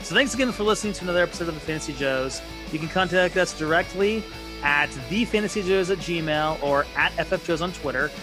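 A man hosting a fantasy sports podcast in casual chat, wrapping up the show with a brisk, upbeat sign-off. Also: fairly high pitch, over music. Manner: upbeat, brisk host read of the outro. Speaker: podcast host.

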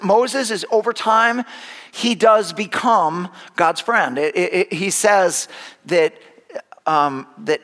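Bright-voiced man preaching a sermon. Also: high voice, big-room sound. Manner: conversational, humorous storytelling with frequent restarts. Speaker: pastor.

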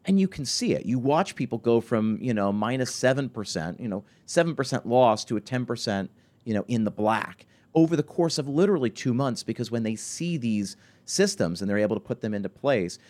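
A man's voice: mid-range voice, a little fast. A man in his forties, a podcast host and restaurant consultant, telling stories in a conversational interview with lots of restarts and fillers. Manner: animated storytelling, many restarts and fillers.

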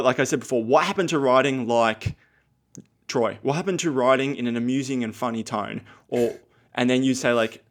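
A man explaining things on a podcast in a rambling, casual way, acting out the prompts he types. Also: mid-range voice. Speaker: guest copywriter.

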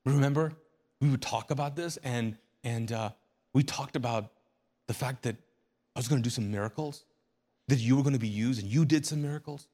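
A man voicing a loving but firm male divine figure within a sermon, speaking gently and quietly. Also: mid-range voice, a little fast, lightly acted. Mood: tender.

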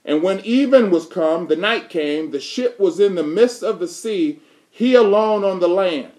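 A male preacher reads scripture aloud in King James wording during his sermon, emphatically quizzing the congregation with fill-in-the-blank questions. His voice sits high, with lively intonation, an unhurried pace and a mellow quality.

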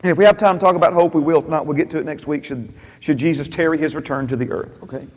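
A man's voice: on the high side, very fast, big-room sound. A man preaching a sermon as pastor, emphatic and repetitive, with frequent amens.

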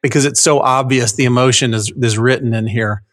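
Man co-host, casual chat, earnest and playful, mid-pitched voice. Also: steady tone, a little fast, a bit bright. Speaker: podcast co-host teaching fathers.

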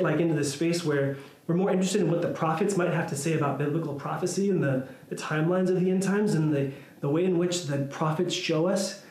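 A man preaching a casual, conversational sermon, his voice sitting a little higher than most men's. He thinks aloud, circling back and restarting phrases as he goes. The room around him rings with noticeable echo. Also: darkish tone. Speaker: pastor.

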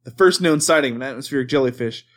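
A man's voice: mid-range voice, rapid-fire. A man hosting a casual podcast, reading items from a list aloud with frequent laughs and stumbles. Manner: swears and laughs at his own mistakes. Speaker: podcast host reading cryptid lore.

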